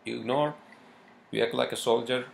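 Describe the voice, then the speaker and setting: A man's voice: mid-range voice, steady tone, moderate pace, creaky, a little hiss or hum. A man hosting a solo podcast, talking in a meandering, profane way with many fillers. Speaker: podcast host. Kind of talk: rambling solo podcast monologue.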